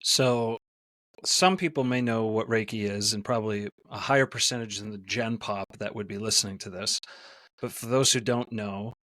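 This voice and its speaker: A man's voice: on the low side, steady tone, moderate pace, a bit bright, no room sound. A male podcast host who asks short, curious questions to steer a conversation. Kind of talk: conversational interview.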